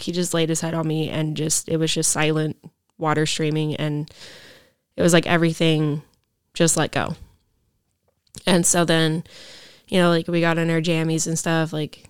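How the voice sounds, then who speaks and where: A woman's voice: sits low, little pitch movement, moderate pace, long pauses, smooth, no room sound, studio quality. A young woman, a podcast guest, telling a personal story casually and rambling with lots of filler words. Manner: rambling, heavy use of "like" fillers.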